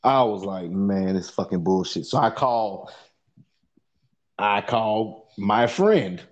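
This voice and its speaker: A man's voice: lowish voice, expressive, slow, lo-fi sound. A man telling a long profane story in a casual podcast chat, rambling and repeating "you know what I'm saying" as he goes.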